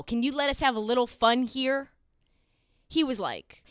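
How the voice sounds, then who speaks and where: A young woman hosting a sports podcast, talking in a casual, sarcastic and animated way. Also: high-pitched, smooth, dry recording, studio quality. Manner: animated, sarcastic, quick asides. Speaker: podcast host.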